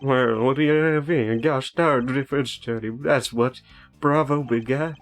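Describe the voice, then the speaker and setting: A man's voice: medium pitch, unhurried, soft background music, lightly acted. A man doing a hearty folksy old-timer. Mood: jovial. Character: jovial folksy older man, talks like a pirate.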